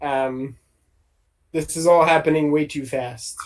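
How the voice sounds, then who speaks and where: A man narrating a tabletop role-playing game as game master, relaxed and rambling with lots of fillers. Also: a little high, unhurried, a little hiss or hum.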